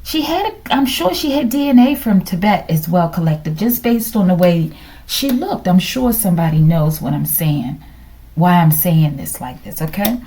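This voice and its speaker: A woman's voice: mid-range voice, warm tone. A middle-aged woman giving a casual tarot reading, musing aloud, questioning the cards and sometimes dropping to a whisper. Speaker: tarot reader.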